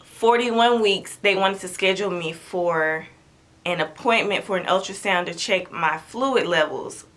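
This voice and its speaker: Young woman, vlogger, chatty storytelling, dramatic quotes, bright tone. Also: fairly low pitch, measured pace. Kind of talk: animated storytelling to camera.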